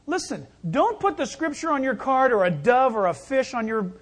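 A male pastor preaches a sermon in a folksy, conversational way, easily slipping into little acted asides. His voice sits high and somewhat husky, with big pitch swings and a moderate pace.

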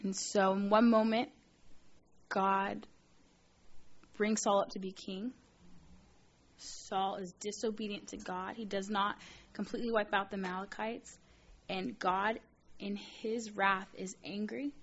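A woman's voice: medium pitch, a little slow, long pauses, a little hiss or hum. Woman teaching scripture, reads then quizzes you, bit muffled sound. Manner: reads aloud then asks questions, animated asides. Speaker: bible teacher. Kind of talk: bible lesson reading and explaining scripture.

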